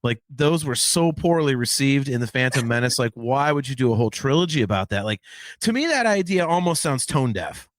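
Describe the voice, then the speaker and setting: A man's voice: mid-range voice, animated, a little fast, no room sound. A man hosting a podcast in casual chat, rambling with many restarts and fillers. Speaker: podcast host.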